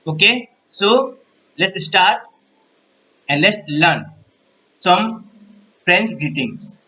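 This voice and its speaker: A man teaching a recorded French lesson, repeating each phrase slowly to model pronunciation. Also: high voice, lively intonation, pushed and bright, dull audio. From India.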